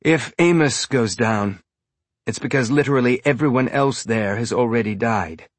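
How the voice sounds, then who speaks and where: Steady, reassuring captain, read by a man, low and careful delivery, husky edge. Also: normal speed, dry recording, lightly acted.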